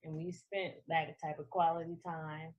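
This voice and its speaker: A woman's voice: sits low, level tone, normal speed, a little mellow, muffled recording. A woman co-hosting a casual dating talk show, chatty and giggly. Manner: chatty and giggly, full of fillers. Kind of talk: casual chat.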